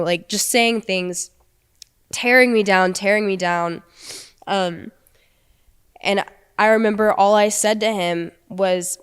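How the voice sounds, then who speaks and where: A woman's voice: medium pitch, fairly even intonation, slow pace, long pauses, smooth. A young woman telling a personal story as a podcast guest, speaking in a blunt, emotional and profane way.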